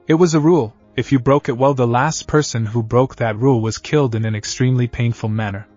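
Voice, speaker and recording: Male storyteller for a fanfic audiobook: steady delivery, dull lo-fi sound. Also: mid-range voice, no room sound. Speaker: narrator.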